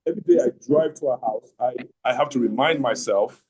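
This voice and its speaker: A man in middle age tells a long story over a video call, husky and mellow in tone. He rambles, repeats himself, and starts his sentences over and over. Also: mid-range voice, fairly quick, rough recording. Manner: rambling, repeats words and restarts often. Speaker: host telling his marriage story. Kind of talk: casual storytelling on an online call. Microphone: online video call.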